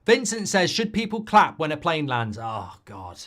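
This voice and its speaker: Chatting with viewers during a live football watchalong, an English host rambles in an animated, cynical manner with plenty of swearing. His voice is a little high and his pace moderate.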